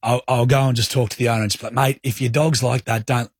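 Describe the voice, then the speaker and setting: An Australian man hosting a radio show, telling a story in a casual, animated way and acting out his own anger. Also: mid-range voice, fast talker, breathy edge, no room sound, clean studio sound. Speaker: radio host. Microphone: studio microphone.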